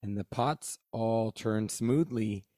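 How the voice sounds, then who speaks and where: A man co-hosting a podcast, reading out reviews and cracking deadpan jokes in casual chat. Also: fairly low pitch, slow pace.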